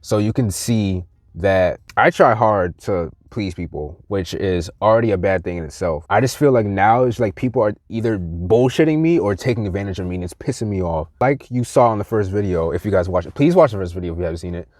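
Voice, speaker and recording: Young guy venting on his vlog, lowish voice, dry close sound, swears a lot. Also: lively intonation, a little fast, a little mellow, no room sound. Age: young adult. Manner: heated, profane, mocks others in quoted voices. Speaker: vlogger. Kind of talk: angry rant to camera.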